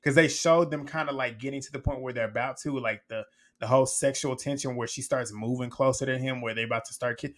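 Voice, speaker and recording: A man's voice: medium pitch, fairly even intonation, fast. A man giving a casual recap of a reality TV episode, chatty and blunt, swearing freely and laughing often as he acts out what people said.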